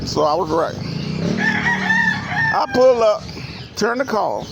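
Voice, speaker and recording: A man telling a story in a casual, profane, animated way for his vlog. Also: high voice, takes it slowly, creaky. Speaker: vlogger. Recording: noisy outdoor recording. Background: roosters and chickens.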